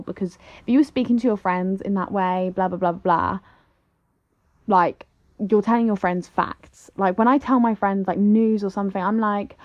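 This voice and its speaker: A woman's voice: medium pitch, darkish tone. A young woman, chatting casually in a vlog and saying "like" and "literally" all the time. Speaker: vlogger. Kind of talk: casual chat. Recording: slightly dull lo-fi audio.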